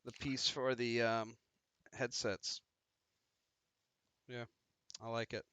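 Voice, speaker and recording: A man's voice: medium pitch, level tone, slow, fairly bright tone, clean tone, no echo. A man hosting a casual livestream chat, joking and swearing freely as he talks. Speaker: stream host.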